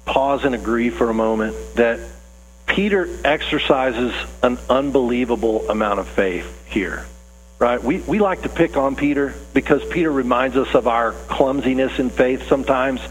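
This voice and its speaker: A man's voice: mid-range voice, animated, normal speed, in a large hall, a little hiss or hum, low-quality recording. A man preaching a sermon in a conversational, earnest way, often asking his listeners questions. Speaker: pastor.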